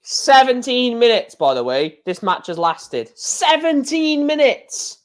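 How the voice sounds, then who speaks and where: A man hosting a casual live stream and reacting to darts as it happens. He is chatty, talks straight to his viewers, and gets excited. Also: sits high, a little slow, smooth. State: hiccuping.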